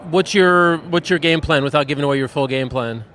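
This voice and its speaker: A man's voice: fairly high pitch, a little fast, a bit bright. A man hosting a live stream from a casino tournament room, asking eager questions and laughing easily. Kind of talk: casual live-stream banter.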